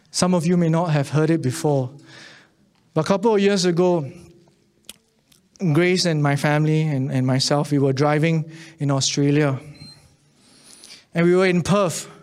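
A man's voice: on the high side, a little slow, long pauses, darkish tone, clean tone. A man preaching a sermon, telling a personal story with many restarts and repeated words, then building to an impassioned appeal to the congregation. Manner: earnest, building to an impassioned altar call.

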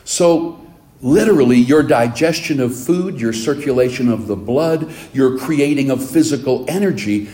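A man preaching a sermon, telling stories in an animated way and speaking straight to his listeners. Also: medium pitch, moderate pace, reverberant.

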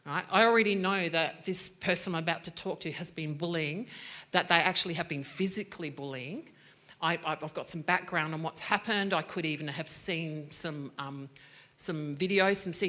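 A woman with a slightly lower voice gives a faith-based teaching talk in an easy conversational way. She explains with everyday examples and checks in with her listeners by asking "right?". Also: bright, forceful tone.

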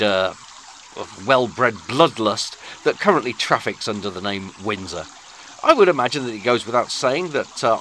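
A man's voice: mid-range voice, sharp tone, a little hiss or hum. Sardonic British man, florid monologue. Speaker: podcast host. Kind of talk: scripted comic monologue.

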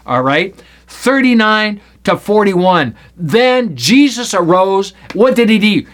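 High-voiced man teaching the Bible playfully. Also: expressive, takes it slowly, fairly bright tone. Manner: playful, acts out scripture with put-on voices.

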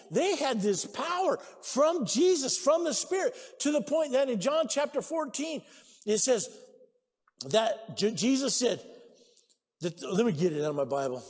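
A man preaching a sermon as pastor, excitable, breaking into shouts and laughter. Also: very high voice, slightly rough, big-room sound. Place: church sanctuary.

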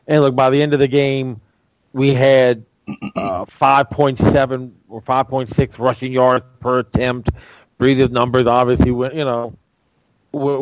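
A man co-hosting casual sports talk, halting and repeating words as he thinks. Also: mid-range voice, darkish tone, dry recording, low-quality recording. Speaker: co-host.

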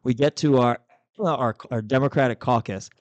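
A man, a former state senator, hosting a casual chat and telling a lively political story, acting out the voices of others. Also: moderate pace, no room sound. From Maryland, US. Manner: animated, acts out quotes with big pitch jumps.

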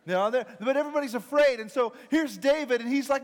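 A man preaching a sermon, telling the story in a casual, animated way with joking asides. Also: extremely high pitch, fast talker, few pauses. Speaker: pastor. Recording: reverberant large hall.

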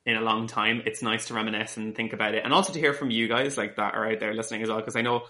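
A man's voice: lowish voice, little pitch movement, racing, pushed and bright. A man co-hosting a podcast in chatty, casual talk, closing the episode. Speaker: podcast co-host. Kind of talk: casual chat.

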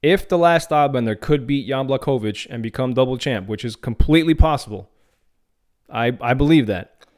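A man's voice: mid-range voice, moderate pace, a little mellow. A man hosting his own podcast, talking through fight news in a casual, opinionated way. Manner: casual, opinionated, some restarts. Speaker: podcast host. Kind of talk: solo MMA news commentary.

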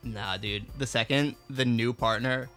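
A young man co-hosting a casual movie review podcast, animated, laughing often and swearing casually. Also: mid-range voice, a little slow, soft background music. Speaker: podcast co-host.

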